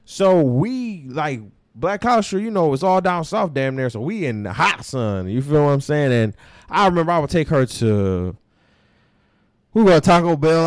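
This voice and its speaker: A young adult man hosting a podcast, telling a story in a casual, animated and profane way and acting out his own quotes. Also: fairly high pitch, clear, resonant tone, dry recording, studio quality. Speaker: podcast host.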